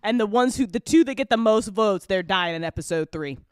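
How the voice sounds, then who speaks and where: A woman hosting a casual after-show chat, talking in an animated way and laughing often. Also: medium pitch, brisk, clean tone, dry recording, studio quality. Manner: giggly, animated, frequent laughter. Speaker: host and show creator. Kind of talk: casual chat after a live listen party.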